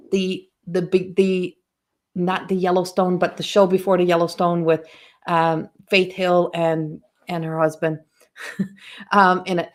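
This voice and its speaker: A woman spiritual coach giving a casual live-stream talk, telling personal stories in a rambling way with frequent restarts. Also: lowish voice.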